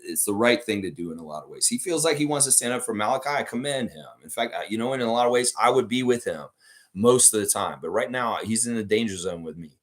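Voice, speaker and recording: A hoarse man hosting a live sports stream, reading viewer messages aloud and ranting in a casual, swearing way. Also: on the low side. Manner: animated, reads chat messages aloud, swears freely.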